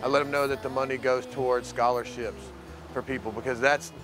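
A man from the mainland talks casually in an interview, rambling along and leaning on filler phrases. His voice sits in an ordinary middle range. Music plays clearly behind him outdoors. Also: medium pitch, steady tone, fairly quick. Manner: loose, rambling, leans heavily on "you know". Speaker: program resident and volunteer.

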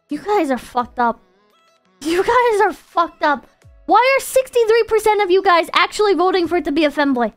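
A woman live-streaming and chatting casually with her viewers, excitable and profane, swinging between loud outbursts and deflated mutters. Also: very high-pitched, normal speed, soft background music.

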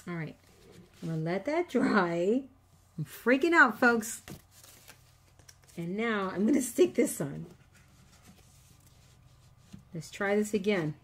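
This middle-aged papercraft host has a medium-pitched, darkish, slightly rough voice, animated but measured, with long pauses. Talking casually to viewers, she teases herself about her nervous mistakes.

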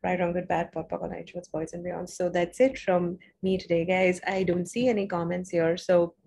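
A woman leading viewers through a guided money exercise on a live stream, talking in a soothing, repetitive coaching way with soft laughs. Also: fairly low pitch, little pitch movement, moderate pace, vocal fry, breathy edge.

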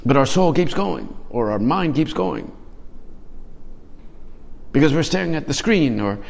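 A man's voice: mid-range voice, sing-song, measured pace, vocal fry, darkish tone, in a large hall. A male priest giving a conversational, reflective homily, often restarting his phrases.

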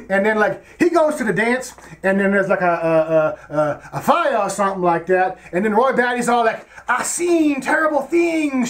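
A man playing Kelvin, a dim-witted young film fan who rambles with broken grammar and stammered restarts. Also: a bit bright. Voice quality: very high goofy voice. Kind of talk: comedic character sketch.

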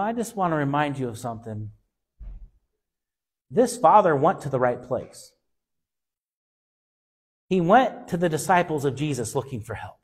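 Brief: man preaching, very high voice, emphatic and repetitive, swings between soft and loud. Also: breathy edge. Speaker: pastor. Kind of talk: sermon.

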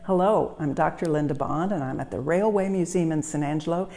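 A woman hosting and reading a children's train story aloud, in a warm, lively, expressive way. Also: low-pitched, fairly quick. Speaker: storyteller, museum host. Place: railway museum.

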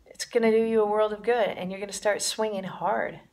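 A woman's voice: medium pitch, flat delivery, fairly quick, darkish tone. Enthusiastic woman teaching jazz piano. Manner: enthusiastic, demonstrates by counting and scatting rhythms. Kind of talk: casual music lesson. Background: piano playing.

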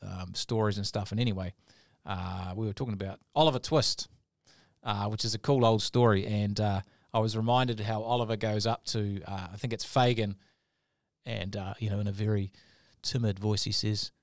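A man's voice: lowish voice, steady tone, moderate pace, vocal fry, no room sound, studio quality. A middle-aged man hosting a business podcast, talking energetically and acting out quoted voices. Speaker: podcast host. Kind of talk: casual podcast chat.

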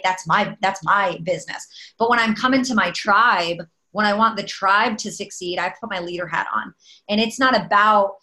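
A woman in her thirties, a network marketing team leader, talking in an animated, emphatic, chatty way with lots of fillers. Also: medium pitch, poor audio. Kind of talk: casual talk.

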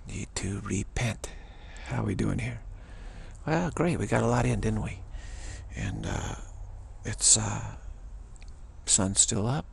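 Brief: low-pitched man, very gravelly and raspy, loose rambling spiritual teacher, folksy with chuckles. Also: sing-song, takes it slowly, a little hiss or hum. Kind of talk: extemporaneous spiritual talk.

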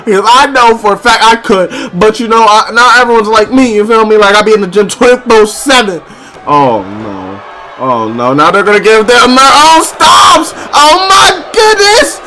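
A young man commentating a wrestling video game with loud exclamations and slangy, excitable talk, his voice going squeaky. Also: normal speed, soft background music, rough recording.

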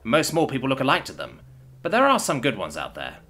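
A man voicing a gruff, matter-of-fact alien female student in a storybook reading. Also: medium pitch, wildly swooping pitch, brisk, bright, forceful tone, heavily acted.

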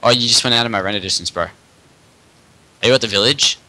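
A young man giving excitable casual commentary while playing a video game with a friend. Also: medium pitch, moderate pace, rough recording. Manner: excitable, laughs and chants in bursts. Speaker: gamer.

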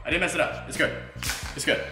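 A young man hosting a casual vlog, playful and excitable as he chats with his viewers. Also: on the high side, quick pace. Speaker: YouTube vlogger. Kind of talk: casual vlog talk to camera. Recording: roomy echo with music bed.

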